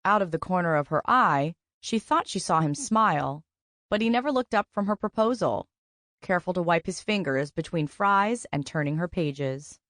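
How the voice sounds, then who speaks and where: A woman narrating a contemporary romance audiobook in an even, measured storytelling manner. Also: on the low side, dry recording, clean studio sound. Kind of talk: scripted narration.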